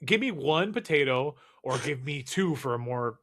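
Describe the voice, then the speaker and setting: A man's voice: mid-range voice, lively intonation, a little slow, fairly bright tone. A man co-hosting a casual podcast chat, ranting in a profane, emphatic way. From California. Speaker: podcast co-host.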